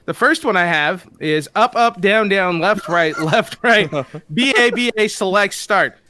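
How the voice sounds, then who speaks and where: A man's voice: high-pitched, pushed and bright, a little hiss or hum. A man co-hosting a podcast, joking and laughing in casual group chat. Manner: laughing, joking, slow-spoken. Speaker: podcast co-host.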